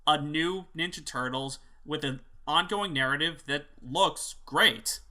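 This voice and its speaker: A man co-hosting a casual review chat, relaxed and talking with lots of fillers. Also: on the high side, measured pace. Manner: relaxed, chatty, filler-heavy. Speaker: co-host.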